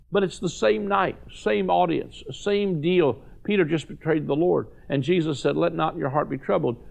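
A man's voice: high-pitched, creaky, a little mellow. A man preaching a sermon to viewers, fervent and emphatic, repeating phrases for stress. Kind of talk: televised sermon.

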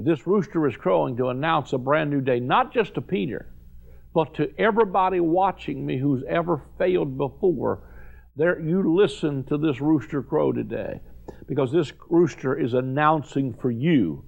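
A man's voice: a little high, vocal fry, a little mellow, lo-fi sound. A man preaching a sermon to viewers, fervent and emphatic, repeating phrases for stress. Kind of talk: televised sermon.

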